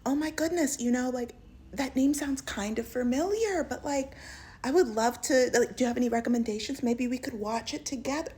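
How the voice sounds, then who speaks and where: A woman voicing a smooth-talking man who plays for sympathy in a soft, mournful tone. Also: high voice, fairly quick, pitched above the performer's own voice, lightly acted. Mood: eager. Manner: soft, mournful, fake-sad.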